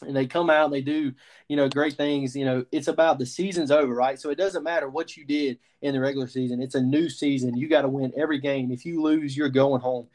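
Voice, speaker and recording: A young adult man co-hosting a sports podcast, chatting casually and spinning an animated story, quoting his own reactions as he goes. His voice sits at an ordinary middle pitch, easygoing and expressive. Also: fairly quick. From Southern United States. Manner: animated storyteller, quotes himself. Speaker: podcast co-host.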